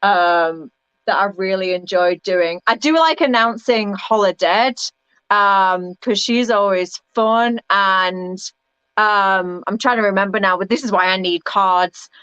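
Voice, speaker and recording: A woman's voice: mid-range voice, a little slow, fairly bright tone, smooth, dry recording. An English woman, a wrestling ring announcer, chatting in an interview in a rambling, hesitant way with plenty of ums. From England. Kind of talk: casual interview chat. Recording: dull, lo-fi, dry sound.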